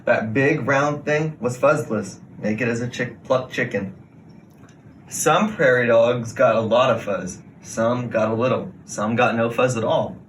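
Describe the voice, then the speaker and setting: A young man on a sports team reading a children's picture book aloud, slow and plain. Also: mid-range voice, steady tone, a bit bright, far from the mic, slight background noise. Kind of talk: storybook read-aloud.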